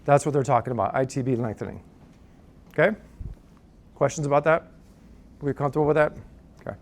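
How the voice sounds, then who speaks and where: A man's voice: mid-range voice, brisk. A man teaching a classroom lecture in a conversational way, often checking in with "right?" and "okay?" and making dry joking asides.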